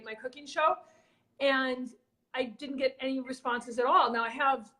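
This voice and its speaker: High-voiced woman chatting in a rambling way. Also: fairly bright tone. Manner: rambling, with many fillers and restarts. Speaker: marketing coach and co-host. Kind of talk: casual live video chat.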